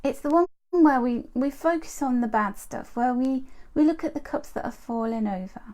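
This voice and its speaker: A middle-aged woman giving a chatty live angel card reading, greeting viewers by name with animated asides. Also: high voice, normal speed.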